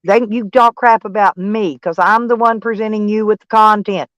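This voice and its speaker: A woman's voice: mid-range voice, fairly even intonation, moderate pace, no echo, muffled recording. A woman hosting a casual livestream chat from her van, blunt and crude, laughing often. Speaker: livestream host.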